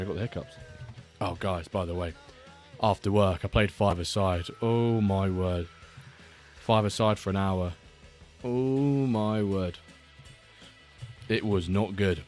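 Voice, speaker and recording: A man's voice: on the low side, a little slow. A man hosting a casual live stream, rambling and reading out viewer messages. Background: faint background music.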